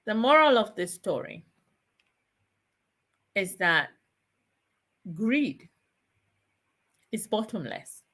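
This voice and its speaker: Slow, deliberate woman storyteller. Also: mid-range voice, sing-song, fairly bright tone. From Ghana. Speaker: chat show host. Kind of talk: storytelling with a moral.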